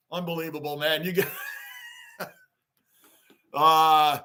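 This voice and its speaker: Bright high-pitched excited male streamer. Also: drawn-out words, slight background noise. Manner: upbeat, shouts greetings to chatters, chuckles often. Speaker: livestream host reading fan chat. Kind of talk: casual livestream chat.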